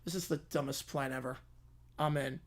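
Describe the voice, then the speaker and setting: A man's voice: normal speed, close to an everyday voice. A man doing a dry, grumpy sidekick. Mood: sarcastic. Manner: dry, sarcastic, low and flat. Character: grumpy deadpan male sidekick.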